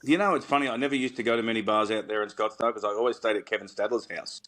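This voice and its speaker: A man's voice: lowish voice, rapid-fire, a bit bright. A man co-hosting a podcast, telling stories in casual chat with emphatic energy. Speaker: podcast co-host, former tour caddie.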